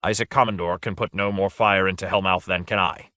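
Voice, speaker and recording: A man reading aloud, voicing a calm, stolid male sorcerer who speaks bluntly. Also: low-pitched, fairly quick, no room sound, studio quality.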